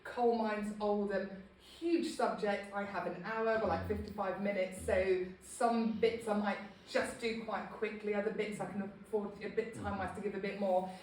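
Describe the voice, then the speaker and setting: A woman's voice: mid-range voice, little pitch movement, normal speed, few pauses, a little mellow, far from the mic. A woman in a casual local history talk, chatty, self-deprecating and full of ums. She stands off-mic in a very echoey room with faint hiss behind her. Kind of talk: casual public talk to a small group.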